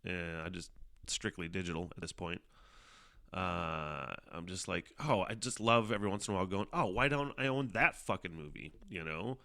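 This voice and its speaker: Man on a bright, profane rambling podcast. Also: low-pitched, normal speed, dry recording, studio quality. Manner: rambling and profane, with frequent fillers and laughs. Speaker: podcast host. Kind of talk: casual solo podcast monologue.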